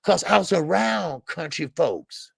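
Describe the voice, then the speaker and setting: Gravelly-voiced man hosting a boxing show. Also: fairly high pitch, measured pace, no room sound, clean studio sound. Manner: animated, profane, rambling storyteller who laughs a lot and answers chat. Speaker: boxing talk show host. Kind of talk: casual live-stream commentary.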